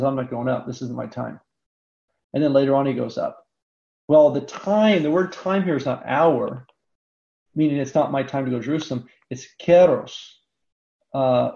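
A man teaching a Bible lesson, reading scripture aloud and pausing to stretch key words for emphasis. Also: medium pitch, creaky, mellow. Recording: dull lo-fi lecture recording.

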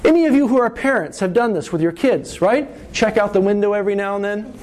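A middle-aged man preaching a sermon, telling a story with lively rises and falls and often asking "right?". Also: high voice, a little fast, slight background noise. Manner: animated storytelling, asks "right?".

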